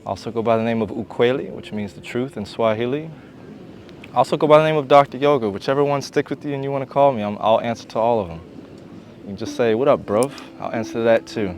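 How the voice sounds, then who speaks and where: A man guiding a yoga session outdoors at the beach in slow, soothing instructions with playful asides. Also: medium pitch, a little mellow, slight background noise. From Georgia, US. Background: music.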